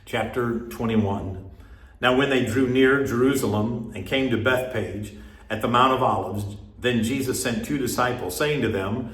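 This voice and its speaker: A man reading scripture aloud at a measured, steady pace, pausing between phrases. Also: mid-range voice, far from the mic. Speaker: scripture reader. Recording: roomy echo.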